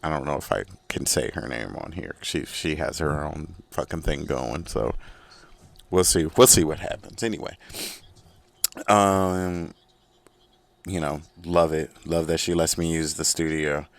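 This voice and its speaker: Deep-voiced, swearing podcast host. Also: male voice, measured pace, vocal fry. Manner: profane, rambling, self-mocking. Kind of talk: casual solo podcast rant. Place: small rented recording studio.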